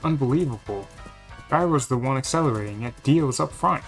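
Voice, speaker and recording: A man voicing an excitable male race commentator in a fan-dubbed game, calling the action play by play. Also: mid-range voice, a little fast, soft background music, close to an everyday voice. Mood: excited.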